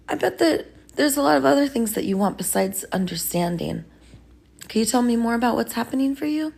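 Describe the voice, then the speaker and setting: Woman playing a soft-spoken healer in a comedy sketch, earnest, partly whispered, a touch of fry. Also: on the high side, animated, fairly quick. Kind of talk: comedy sketch role-play.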